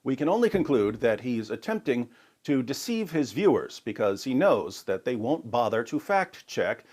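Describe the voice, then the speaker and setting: Measured man narrating an argument. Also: mid-range voice, sing-song, darkish tone. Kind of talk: scripted narration.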